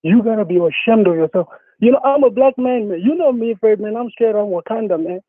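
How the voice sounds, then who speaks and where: A high-pitched man with lively intonation calls in to a talk show and rants a little fast, profane and repetitive in his agitation. It's a dry recording over a tinny phone line.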